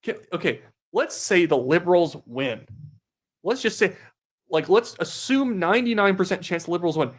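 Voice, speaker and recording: A man's voice: sits high, lively intonation, normal speed. A young man hosting a live election-night stream, casually reading viewer donations aloud and reacting to them. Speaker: livestream host.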